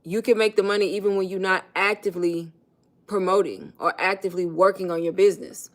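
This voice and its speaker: A woman's voice: mid-range voice, steady tone, brisk. A chatty woman talks straight to her viewers on a livestream she runs from her phone. Her speech is loose and informal, and she keeps calling them "y'all" as she coaches them. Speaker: online business coach. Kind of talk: casual livestream talk to viewers.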